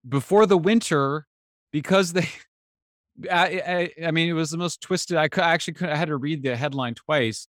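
A man speaking as an author guest in a casual interview, animated and getting exasperated at times. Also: on the high side, moderate pace, no room sound, studio quality. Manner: animated, voice jumps up when exasperated.

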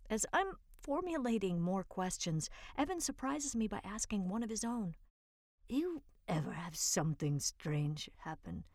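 A woman reading a magazine article aloud for a reading service, calm and measured, dropping to a whisper for hushed dialogue. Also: mid-range voice, no echo, clean studio sound. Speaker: reader for a radio reading service.

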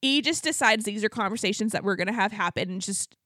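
A woman co-hosting a podcast, telling a story in a fast, animated way with lots of filler words. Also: medium pitch, no room sound. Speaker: podcast co-host. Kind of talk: casual storytelling chat.

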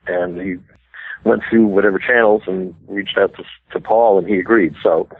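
American guest in his 60s, deep husky voice, dry phone-line sound, rambling anecdotes. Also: fairly even intonation, moderate pace, no echo. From United States. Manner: chatty, self-deprecating, laughs easily. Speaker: guest musician. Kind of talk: casual storytelling interview.

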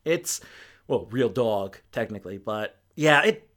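A man's voice: lowish voice, expressive, measured pace, fairly bright tone. A man giving a casual, rambling film review as a podcast host, stopping and restarting often. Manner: rambling, hesitant, many restarts.

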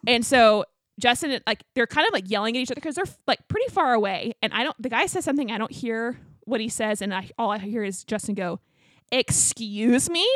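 Young woman, co-host, animated storyteller, fast, dry close mic. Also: on the high side, dry recording. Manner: animated storyteller, acts out quotes, many fillers. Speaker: podcast co-host. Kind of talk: casual storytelling chat.

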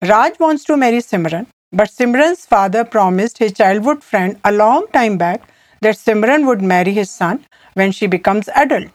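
A woman presenting a scripted language lesson in a plain, mid-pitched voice. She says each phrase, then repeats it slowly, word by word. The recording is dry and close, with no room sound. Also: lively intonation, no echo. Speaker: language teacher co-host.

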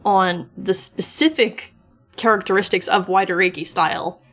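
A woman's voice: medium pitch, steady tone, moderate pace, a bit bright. A woman co-hosting a podcast in casual chat, enthusiastic and giggly, reading out show credits. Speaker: podcast co-host.

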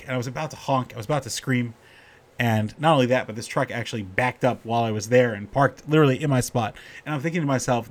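A middle-aged rabbi gives a casual, story-filled Torah talk in an ordinary middle pitch. When he quotes the characters, his voice rises and he turns animated.

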